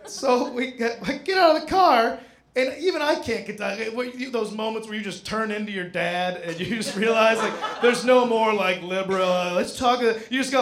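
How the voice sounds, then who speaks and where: A man telling a stand-up story, animated, now and then shouting out acted bits of dialogue. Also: high-pitched, moderate pace, noisy background. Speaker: stand-up comedian. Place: comedy stage with a live audience. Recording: roomy live room with crowd laughter.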